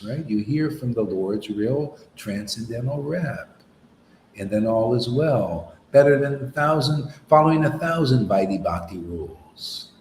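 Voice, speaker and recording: A man preaches in a loose, conversational way, his pitch swinging widely as he argues. The room around him is echoey, with faint background noise. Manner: animated, mocks opponents in put-on voices. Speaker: spiritual teacher. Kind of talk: informal sermon.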